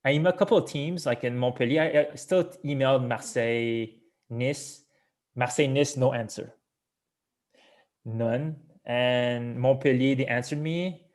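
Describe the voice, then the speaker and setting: A man's voice: medium pitch, steady tone, normal speed, darkish tone. A man from Canada, a guest swimmer telling stories in a rambling, filler-heavy way with chuckles over a video call. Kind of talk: casual conversation.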